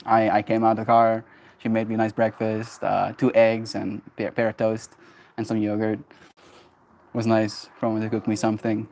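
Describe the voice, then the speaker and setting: A man in his twenties, a streamer telling a personal story in a casual livestream, emphatic and quick to laugh. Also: on the low side. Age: 20s. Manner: animated and emphatic, laughs often, swears.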